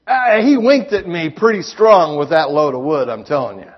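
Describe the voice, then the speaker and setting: Husky folksy preacher man. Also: on the high side, normal speed. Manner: folksy storytelling preacher, emphatic rises. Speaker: pastor. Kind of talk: sermon with personal stories. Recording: slightly dull lo-fi sound.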